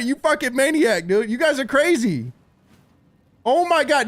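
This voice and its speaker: A man live-streaming while gaming, excitable and swearing a lot, stammering through restarts and calling everyone dude and bro. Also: very high voice, measured pace. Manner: stammering restarts when overwhelmed.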